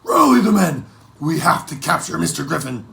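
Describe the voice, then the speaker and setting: A man voicing a fierce pirate captain mother who shouts commands at her crew in a storybook reading. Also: fairly high pitch, moderate pace, vocal fry. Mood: commanding.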